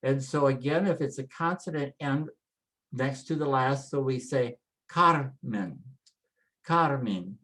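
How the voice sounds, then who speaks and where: An instructor teaching a spoken lesson, explaining each rule step by step and repeating every example word slowly to model its pronunciation. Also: mid-range voice, fairly even intonation, rough recording. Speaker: language instructor.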